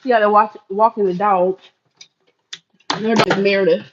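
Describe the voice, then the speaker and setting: A woman's voice: medium pitch, fairly even intonation, normal speed, dull audio, noisy background. A middle-aged woman from Florida chatting casually with viewers on a live stream while she cooks in her home kitchen. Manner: chatty, addresses viewers as y'all.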